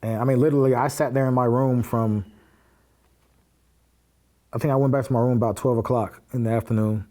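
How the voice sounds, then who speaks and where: Mellow-voiced man telling a personal story. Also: mid-range voice, steady tone, brisk, long pauses. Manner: acts out quoted dialogue while recounting events; plain-spoken, with frequent fillers and curse words. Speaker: podcast guest.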